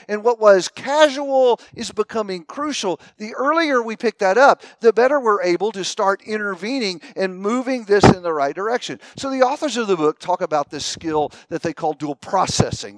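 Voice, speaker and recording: A man with a high-sitting voice teaches a class, walking the audience through an illustration and asking them questions. He tells stories animatedly, acting out anecdotes as part of the lesson. There's no room sound on the recording.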